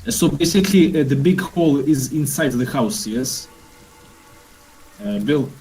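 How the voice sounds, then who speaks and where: A man's voice: medium pitch, animated, a little slow, warm tone, faint music behind, rough recording. Hesitant man fumbling through a plan. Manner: hesitant, lots of filler sounds. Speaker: player. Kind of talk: casual tabletop game chat.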